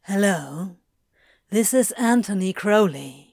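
A woman voicing a calm, teasing male demon with a rich, smooth voice and an unhurried, coaxing way of talking. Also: medium pitch, no echo, studio quality.

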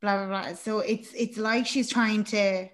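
A woman's voice: medium pitch, fairly even intonation, unhurried. A woman hosting a podcast, retelling a film plot in casual, sweary chat and acting out the characters' lines. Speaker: podcast host.

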